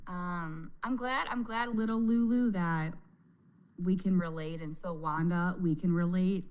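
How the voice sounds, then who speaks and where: A woman's voice: on the low side, slow, darkish tone, poor audio. A woman hosting a casual reaction chat, a mother who laughs a lot and exclaims often as she talks. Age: adult mother. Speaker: reaction video host.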